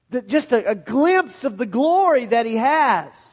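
A middle-aged man preaching a sermon as pastor, telling a Bible story with animated storytelling and acting out the scenes in voices. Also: very high-pitched, unhurried, hardly any pauses.

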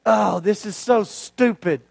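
Man doing a huffy proud commander, high voice, complaining the whole time. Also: expressive, a little slow. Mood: grumbling. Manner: exasperated, grumbling, indignant. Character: proud, angry ancient army commander, grown man.

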